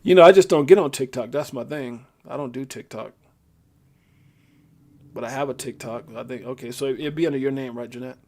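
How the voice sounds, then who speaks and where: A man's voice: mid-range voice, a little mellow. Grieving man hosting a livestream. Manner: halting, many fillers and restarts; reads viewer comments aloud. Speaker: livestream host. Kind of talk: casual livestream chat.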